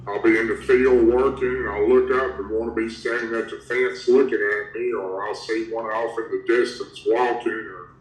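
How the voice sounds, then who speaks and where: Low-voiced man telling a story. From Tennessee, USA. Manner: rambling, strings events together with "and". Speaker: guest recounting a creature encounter. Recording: roomy, distant from the mic.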